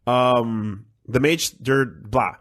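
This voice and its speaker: A man's voice: mid-range voice, drawn-out words, a bit bright. A man co-hosting a casual podcast. He is laid-back, swears casually and often chimes in to agree. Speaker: podcast co-host.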